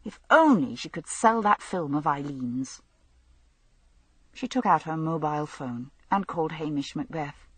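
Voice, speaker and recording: A woman reads an audiobook mystery with expressive storytelling, her pitch moving freely up and down. Her voice is low and husky, recorded dry and close to the mic. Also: measured pace, no echo. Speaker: audiobook narrator. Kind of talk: scripted narration.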